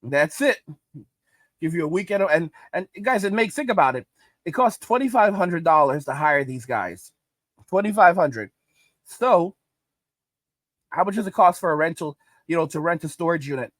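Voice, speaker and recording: High-voiced ranting man. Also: expressive, moderate pace, long pauses, a bit bright, no room sound. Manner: ranting, repetitive, emphatic. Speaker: commentary channel host. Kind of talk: reaction commentary.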